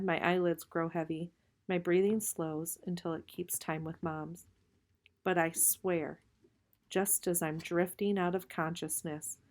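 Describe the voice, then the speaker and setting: Woman reader, novel read aloud, measured and calm, slightly low voice.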